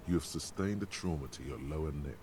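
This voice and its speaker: A measured, clinical inner narrator for a detective video game, with a wry edge. The voice is extremely deep and steady. A soft ambient hum runs underneath. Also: male voice, roomy sound. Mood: narrating.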